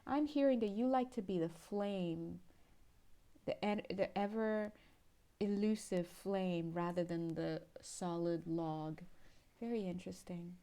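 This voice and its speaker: A woman's voice: fairly low pitch, slow pace, mellow. A woman giving a pick-a-card tarot reading, chatty and playful, laughing often and sounding a little tired. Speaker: tarot reader.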